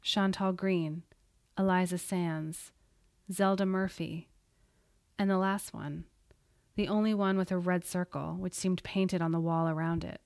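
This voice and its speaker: A woman reading a story aloud in a steady, suspenseful voice. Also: lowish voice, dry recording, studio quality. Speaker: audiobook narrator. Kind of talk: scripted narration.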